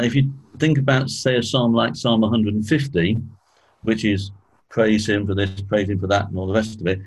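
A man teaching a small group in an informal Bible study, explaining slowly and asking questions, clearing his throat often. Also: on the low side, rough recording.

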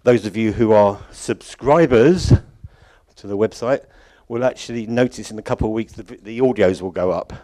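A man with a slightly low voice speaks to a church conference crowd in a loose, off-the-cuff way. He circles back on his sentences, stumbles and chuckles to himself. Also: fairly even intonation, a little fast, hardly any pauses, dark tone. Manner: rambling, self-correcting, chuckling often. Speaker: conference organiser addressing congregation. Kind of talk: informal closing address at a church conference.

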